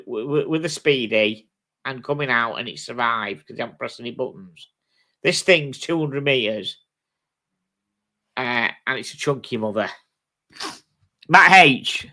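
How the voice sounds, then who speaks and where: A British man hosts a live stream from his home setup, chatting casually with viewers in a blunt, sweary manner. He speaks in British English with a medium-pitched, sharp-toned voice.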